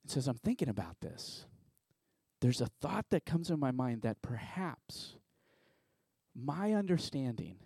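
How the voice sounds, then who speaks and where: A man's voice: medium pitch, dark tone, no echo, clean studio sound. A man preaching a sermon as pastor in a church, joking around with a game at first and then turning earnest and reflective. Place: church sanctuary.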